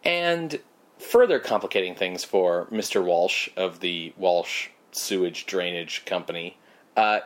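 A man co-hosting a podcast, rambling through a movie recap with lots of fillers and sarcastic asides. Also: on the low side. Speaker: podcast co-host. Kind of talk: casual movie recap chat.

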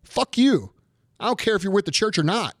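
A man's voice: sits high, very fast, a bit bright, no room sound, studio quality. A man in his thirties ranting in casual chat, swearing heavily and talking with heat. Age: 30s. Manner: profane, heated ranting.

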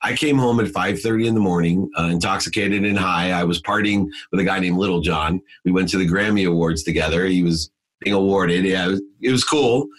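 Here a middle-aged podcast guest talks a little fast in a low voice over poor audio. Recounting a personal story emphatically, he stumbles through fillers and restarts, and his pitch climbs whenever he revisits the big moments.

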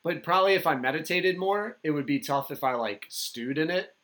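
A man's voice: on the high side, lively intonation, a little fast, fairly bright tone. A man hosting a podcast, talking frankly and profanely in casual chat about his home life. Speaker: podcast host.

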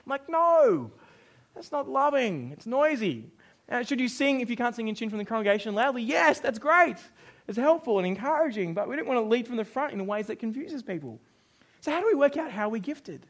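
Australian man, young pastor, sermon, jokey, acts out voices, fairly high voice. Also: animated, fast, fairly bright tone.

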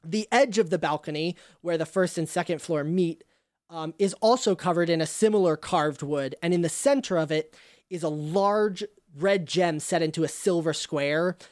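A woman's voice: on the low side, moderate pace, darkish tone, dry recording, clean studio sound. A woman game master describing scenes for a tabletop game, with frequent ums.

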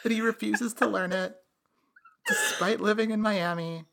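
A woman's voice: mid-range voice, big pitch swings, moderate pace, creaky, a bit bright, slight background noise. A woman co-hosting a podcast, making dry, wisecracking asides in casual chat. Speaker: podcast co-host.

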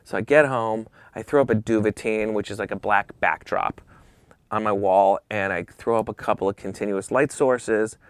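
A middle-aged man, a photographer, telling a lively anecdote in conversation and shifting his voice when he quotes people. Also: moderate pace, clear, resonant tone, no room sound. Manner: lively, swings pitch when quoting people. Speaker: photographer guest.

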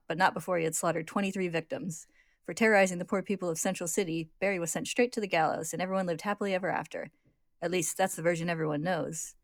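A woman narrating a story recap in a lively, casual way, acting out the characters. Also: on the low side, no echo, studio quality. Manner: lively, brisk narration with acted voices.

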